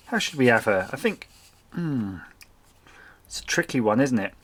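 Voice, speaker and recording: A man talks casually while he crafts. He keeps up a chatty flow of self-mocking remarks and quiet muttered asides. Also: mid-range voice, big pitch swings, moderate pace. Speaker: crafting channel host. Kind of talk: casual chat while making a collage.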